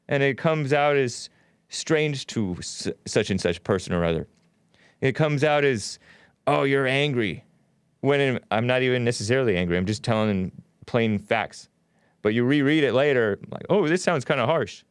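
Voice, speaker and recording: Guy hosting a talk show, rambly and opinionated, smooth clear voice, dry close sound. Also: mid-range voice, dry recording. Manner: rambling, opinionated, frequent restarts. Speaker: host.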